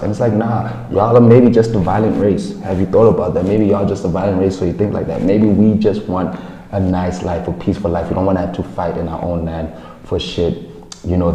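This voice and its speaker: A South African man hosting a show, talking bluntly and with animation, swearing and making quick asides. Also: low-pitched, mellow. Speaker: podcast host. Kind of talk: casual opinion chat. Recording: echoey room with long reverb.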